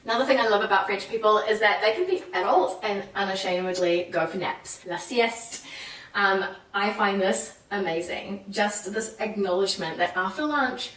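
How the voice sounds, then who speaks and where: A young woman from New Zealand with a New Zealand accent, chatting animatedly in a casual vlog and acting out the people she quotes. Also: mid-range voice. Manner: animated, acts out quoted French voices. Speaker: vlogger. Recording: echoey room, mic at a distance.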